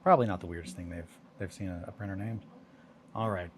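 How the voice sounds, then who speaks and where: A man's voice: low-pitched, steady tone, quick pace, a little hiss or hum. A man chatting casually on a hobby live stream, rambling and joking while he mutters to himself over his work.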